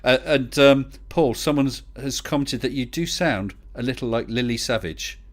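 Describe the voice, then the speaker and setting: A man's voice: medium pitch, normal speed. A man from the UK hosting a casual live online chat, chatty and teasing, laughing often. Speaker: livestream host.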